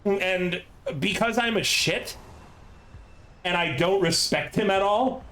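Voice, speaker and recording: Hosting a tabletop game stream, a man chats casually before play, spinning a long, rambling story full of fillers, swearing, and laughter. His voice is high-pitched and somewhat bright with lively intonation and an unhurried pace, and the recording quality is low.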